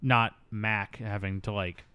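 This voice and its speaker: A man's voice: on the low side, steady tone, slow pace, sharp tone, clear, resonant tone, no echo. A man co-hosting a casual movie-review podcast, riffing with jokey asides. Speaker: podcast co-host.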